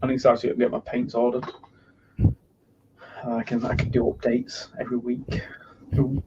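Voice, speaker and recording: A man with a gravelly voice, co-hosting a casual motorsport talk show. He rambles in a tired, jokey way and swears freely. The recording sounds dull and lo-fi, with clear noise behind him. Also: mid-range voice, very animated, moderate pace. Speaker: podcast co-host. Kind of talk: casual chat.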